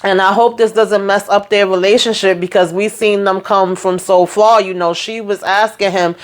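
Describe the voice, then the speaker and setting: A woman chatting casually through a TV episode recap, retelling scenes in a lively, filler-filled way. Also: medium pitch, moderate pace. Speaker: TV show recap vlogger.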